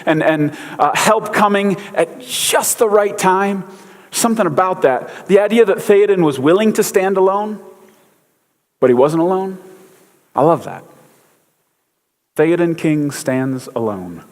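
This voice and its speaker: A man's voice: high voice, unhurried. A man giving a casual sermon, a chatty, joking storyteller with lots of fillers. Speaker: pastor. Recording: long hall reverb.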